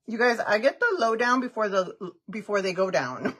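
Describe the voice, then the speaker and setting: A woman's voice: medium pitch, expressive, normal speed, a bit bright, husky. A middle-aged woman chatting casually on a makeup livestream, giggling, greeting viewers by name and mixing Spanish phrases into her English. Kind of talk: casual live-stream chat.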